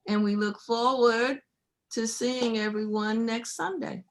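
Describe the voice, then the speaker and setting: Slow, calm woman physician. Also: a little high. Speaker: physician co-organizer. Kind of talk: closing remarks on a video call.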